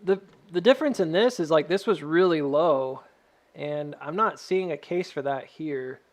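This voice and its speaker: A man's voice: on the high side, normal speed. A man doing a casual charting stream, joking and rambling as he thinks aloud. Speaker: stock chart analyst.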